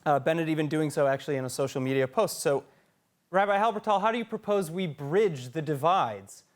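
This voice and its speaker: A man hosting a news debate, moderating in a measured way and trying to cut in between guests. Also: fairly high pitch, animated. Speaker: news host.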